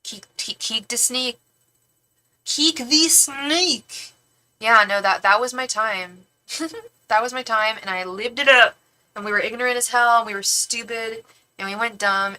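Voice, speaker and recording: A middle-aged woman from the Bay Area talks with a Northern California accent in a bright, forward voice. She hosts a casual livestream and chats freely, animated and slangy, with lots of "like" and some playful swearing. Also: mid-range voice, low-quality recording. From San Francisco Bay Area, California. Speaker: tarot reader and livestream host. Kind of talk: casual livestream chat, reading viewer comments aloud.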